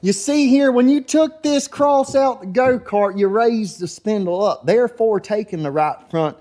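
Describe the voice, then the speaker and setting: A man's voice: moderate pace, natural voice. A man putting on the voice of a cocky male mechanic friend, drawling and lecturing. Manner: drawling, talks down with a high excited pitch.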